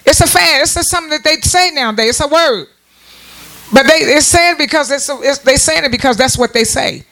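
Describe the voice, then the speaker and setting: Older lady in her 60s preaching casual, repeats herself a lot, voice pops up high on the big points. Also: a little fast, fairly bright tone. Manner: emphatic, repeats words and restarts, voice jumps up on key points. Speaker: church speaker addressing viewers.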